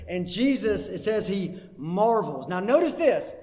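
A man's voice: high voice, sing-song, measured pace, darkish tone. A man preaching a sermon, emphatic and repeating key phrases for weight. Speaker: pastor. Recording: long hall reverb.

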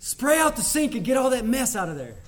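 A man's voice: very high-pitched, sing-song, brisk. A man preaching a sermon as a pastor, talking conversationally with emphatic repetition.

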